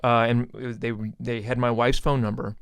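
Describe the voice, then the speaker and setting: A man's voice: mid-range voice, level tone, brisk, creaky, clear, resonant tone, no echo. A man telling a story steadily in casual podcast chat.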